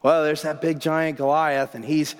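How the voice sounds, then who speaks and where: A man preaching a sermon as pastor, telling the story in a casual, animated way with bursts of excitement. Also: fairly high pitch, moderate pace. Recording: long hall reverb.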